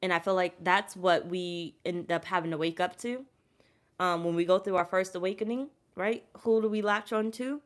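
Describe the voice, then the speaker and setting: A woman's voice: lowish voice, steady tone, moderate pace. Chatty woman reading tarot. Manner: chatty, emotional, addresses viewers as y'all. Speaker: tarot reader. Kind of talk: casual tarot reading livestream.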